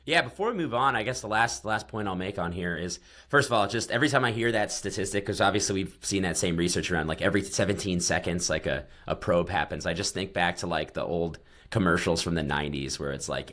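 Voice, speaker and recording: A man co-hosting a podcast in quick, jokey, self-deprecating casual chat. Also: low-pitched, fairly bright tone. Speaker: podcast co-host.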